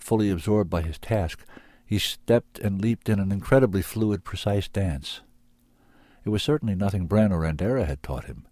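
A man reading a story aloud in an even, measured way, voicing the characters along the way. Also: fairly low pitch, no room sound. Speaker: reader of submitted manuscripts. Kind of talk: storybook narration.

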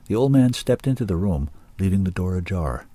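A man narrating an audiobook in a measured, deliberate way. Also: deep voice, lively intonation, mellow.

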